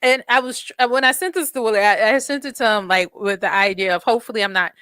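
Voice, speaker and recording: A woman hosting a podcast, telling a story in an animated, blunt way, swearing freely and acting out quotes. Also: on the high side, fast, dry recording. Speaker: podcast host. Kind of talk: casual storytelling chat.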